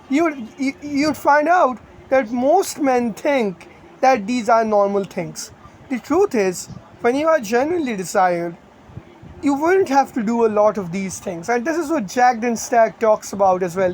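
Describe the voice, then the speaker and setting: A man's voice: very high voice, darkish tone, a little hiss or hum, rough recording. Blunt, rambling man commentating. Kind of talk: opinionated online commentary.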